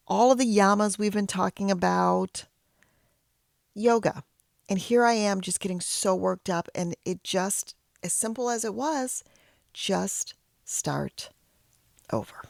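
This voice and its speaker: Slow, gravelly-voiced woman sharing a story. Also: mid-range voice, dry recording, clean studio sound. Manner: conversational, candid, self-deprecating, with quiet whispered asides. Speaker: podcast host and yoga teacher in training. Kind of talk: personal storytelling and reflective teaching.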